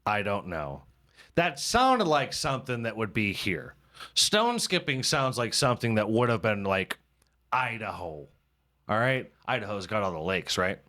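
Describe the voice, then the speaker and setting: A man's voice: fairly low pitch, sing-song, normal speed, pushed and bright. A man hosting a comedy podcast in casual chat, rambling and swearing freely and mocking himself. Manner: rambling, profane, self-mocking. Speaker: podcast host.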